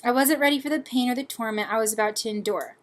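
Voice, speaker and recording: A young woman and student reading her personal essay aloud in an earnest, measured way. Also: a little high.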